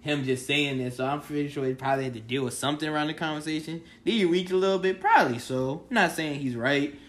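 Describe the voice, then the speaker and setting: Male podcast co-host, relaxed sports talk, echoey room sound. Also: a little high, fast. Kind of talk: casual sports chat.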